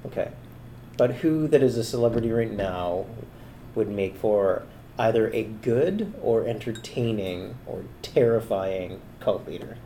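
A woman's voice: a bass voice, lively intonation, a little slow, dark tone, a little hiss or hum. A young Canadian woman with a Canadian accent, hosting a casual podcast chat in a playful, teasing way. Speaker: podcast host.

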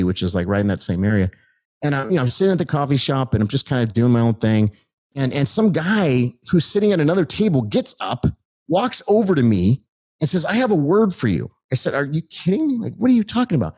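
A middle-aged man telling his life story as a guest in an animated, excited way, acting out the people he met. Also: mid-range voice.

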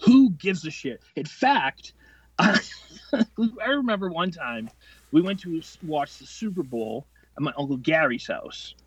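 A man's voice: fairly high pitch, sing-song, a bit bright, slightly rough, no echo. A man in his late twenties telling a long, profane story as a podcast guest, rambling and restarting as he goes. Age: 20s. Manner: profane, rambling, quick-tempered delivery. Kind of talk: casual storytelling.

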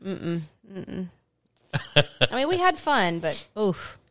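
A woman's voice: mid-range voice, takes it slowly, no echo. A middle-aged woman, co-hosting a casual chat and telling stories with laughter. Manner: animated, laughing storyteller. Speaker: co-host.

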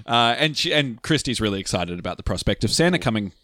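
A man's voice: mid-range voice, expressive, quick pace, fairly bright tone, dry recording. A man in casual podcast chat, laying out his guess of a film's plot with frequent restarts. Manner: rambling, restarts, laughs often. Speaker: podcast co-host.

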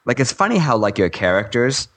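A man's voice: medium pitch, big pitch swings, a little fast, fairly bright tone. A man co-hosting a gaming podcast in casual chat, rambling with fillers and laughing often. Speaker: podcast co-host.

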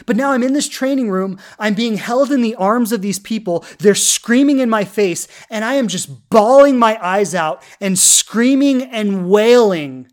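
A woman's voice: fairly high pitch, lively intonation, measured pace, hardly any pauses. A woman in her thirties, a love coach, telling a personal story in an earnest, heartfelt way, full of fillers and restarts. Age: 30s.

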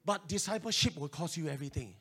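A male pastor with a Singaporean English accent, preaching an animated sermon and urging his listeners to respond. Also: a little high, quick pace, slightly rough.

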